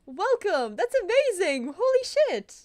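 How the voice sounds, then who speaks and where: A young woman hosting a casual livestream Q&A, excitable and quick to laugh, swearing freely. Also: very high voice, no room sound, studio quality. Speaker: streamer hosting a Q&A.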